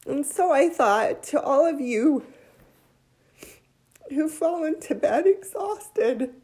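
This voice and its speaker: A woman giving an emotional religious testimony, near tears, heartfelt and halting. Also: high voice, lively intonation, warm tone.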